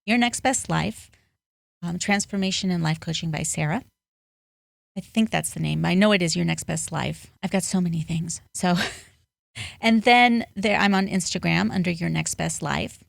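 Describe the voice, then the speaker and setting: Woman, life coach, gravelly low voice, dry close sound, motivational. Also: normal speed, no echo. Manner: earnest, motivational, emphatic bursts. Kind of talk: podcast interview.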